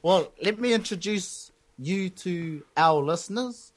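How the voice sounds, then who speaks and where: Lively young host. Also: male voice, high-pitched, a little slow. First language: Māori. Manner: joking, loose, many fillers. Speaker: podcast host. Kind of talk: casual chat.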